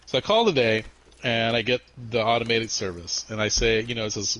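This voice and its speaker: A man chatting casually while gaming with friends, swearing often and telling stories in an animated way. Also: medium pitch, a little fast, muffled recording. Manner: profane, animated storytelling. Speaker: gamer playing with friends.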